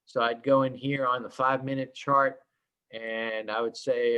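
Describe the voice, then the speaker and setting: A man's voice: medium pitch, little pitch movement, unhurried, a bit bright, smooth, lo-fi sound. Chatty man teaching live trading. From schooled in Oklahoma. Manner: casual, rambling with many fillers. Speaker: trading instructor.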